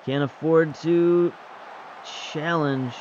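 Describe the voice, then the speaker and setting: Male gaming host, relaxed play-by-play, dry humor; muffled home recording. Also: on the high side, drawn-out words, a little hiss or hum. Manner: wry, chatty, self-mocking. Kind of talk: casual play-by-play game commentary.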